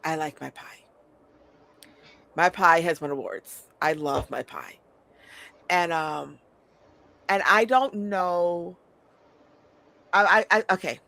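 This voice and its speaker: Gravelly, bright-voiced chatty woman. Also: lowish voice, slow, long pauses. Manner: chatty and blunt, swears, stammers and repeats words, laughs often. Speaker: podcast host. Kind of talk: casual chat.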